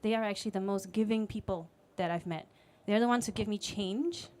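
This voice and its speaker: On stage at a live speaker event, the Singaporean woman in her late 20s, a music teacher, recounts a personal story a little fast in a mid-range, darkish voice. She keeps it candid and chatty, slipping in fillers and acting out quotes.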